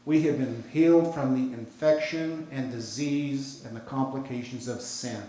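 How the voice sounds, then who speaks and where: A man's voice: mid-range voice, fairly even intonation, normal speed, dark tone, slight background noise. A man preaching a sermon with an American accent, talking in a conversational, folksy storytelling way with casual asides. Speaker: pastor. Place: church sanctuary. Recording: very echoey church hall.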